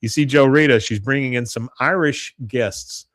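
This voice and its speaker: A man's voice: medium pitch, normal speed, fairly bright tone, dry recording. Dry-sounding man retelling a TV episode. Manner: retells scenes, acting out lines in brief voices. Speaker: podcast co-host. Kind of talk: casual recap of a TV episode.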